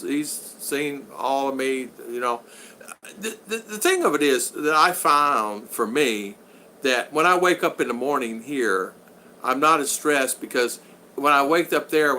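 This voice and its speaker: An older man from Utah hosts a casual livestream from his home, chatting and rambling through viewer questions in an upbeat mood. His voice is bright and forceful. A faint hiss of background noise runs under the talk. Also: mid-range voice. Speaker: livestream host. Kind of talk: casual livestream chat reading viewer comments. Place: home in the Philippines.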